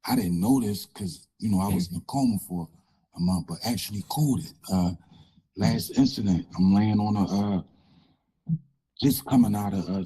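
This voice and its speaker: A man with a low, husky, rasping voice that sounds worn down. He talks slowly and haltingly in a dark, mellow tone, filling gaps with small pauses as he tells his story to an interviewer. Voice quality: raspy, changed voice. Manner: halting, many fillers and pauses. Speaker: guest.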